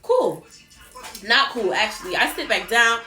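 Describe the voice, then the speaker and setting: A young woman telling a storytime on her vlog in a chatty, animated way, swearing and talking straight to her viewers. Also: a little high, a little slow. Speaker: vlogger. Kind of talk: casual storytime chat. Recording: roomy echo, faint background music.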